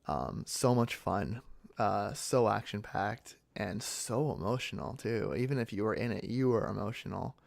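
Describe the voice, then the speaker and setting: A man's voice: fairly low pitch, lively intonation, moderate pace, gravelly. A young man from central Pennsylvania answering viewer comments in a rambling casual chat, full of fillers and restarts. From central Pennsylvania, United States. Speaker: ASMR channel host.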